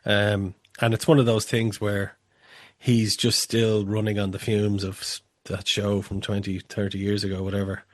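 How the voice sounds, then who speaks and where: Guy cohosting a podcast, blunt, swears a lot, lowish voice, dry close sound. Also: monotone, moderate pace, no room sound. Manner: opinionated, blunt, swears freely. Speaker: podcast co-host. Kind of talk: casual podcast chat.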